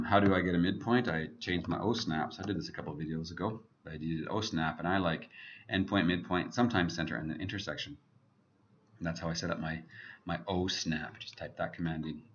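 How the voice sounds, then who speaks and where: Man, very low voice, casual screen-recorded tutorial, thinking aloud, faint hum and keyboard clicks behind. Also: a bit bright, lo-fi sound. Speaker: architect teaching software.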